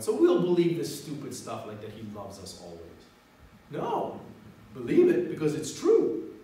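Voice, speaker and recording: A man preaching a sermon as pastor, swinging between loud exhortation and quiet, prayerful lines. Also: fairly high pitch, slight background noise. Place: church sanctuary. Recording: echoey hall, mic from far off.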